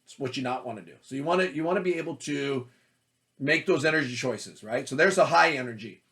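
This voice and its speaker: A man teaching about auditions as an acting coach, talking in a loud, forceful, energetic way. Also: mid-range voice, brisk.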